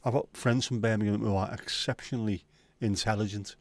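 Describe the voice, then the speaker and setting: A man with a Liverpool accent hosts a relaxed livestream chat, reading out comments and answering them with blunt, sweary banter. His voice sits on the low side, and the sound is close and dry with no room around it. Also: fairly quick, dry recording. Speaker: livestream host.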